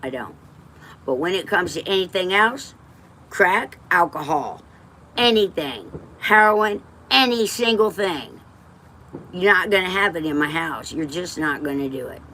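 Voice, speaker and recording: A woman's voice: fairly low pitch, animated, a little slow, pushed and bright, a little hiss or hum. A woman from West Texas, livestreaming and telling rambling personal stories in a blunt, emotional way, swearing freely and drifting off topic.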